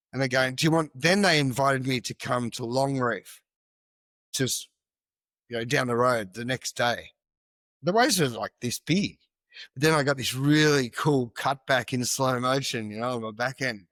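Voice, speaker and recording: A middle-aged man with an Australian accent spins loose, rambling stories with frequent laughs and casual swearing. His voice sits at an ordinary middle pitch and is recorded close and dry, with no room sound around it. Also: a bit bright, no room sound. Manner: rambling, laughing, swears freely, restarts a lot. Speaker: guest, big wave surfer. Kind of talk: casual storytelling interview.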